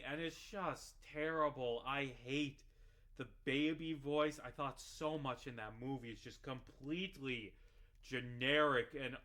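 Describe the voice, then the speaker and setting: Gaming vlogger, male, bright higher voice, swears a lot, rambling casual rant. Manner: profane, rambling, animated ranting with frequent fillers. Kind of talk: casual ranting commentary over gameplay.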